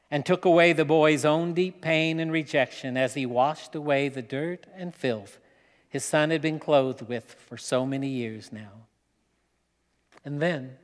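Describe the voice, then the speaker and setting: A man preaching, telling a story in a slow, dramatic way with pauses. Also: fairly high pitch. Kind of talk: sermon storytelling. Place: church hall. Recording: long hall reverb.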